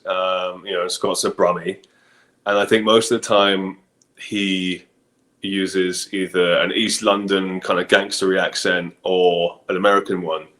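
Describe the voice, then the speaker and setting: Deep-voiced man, relaxed director guest. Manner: relaxed, thoughtful, many ums and you-knows. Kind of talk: casual interview chat.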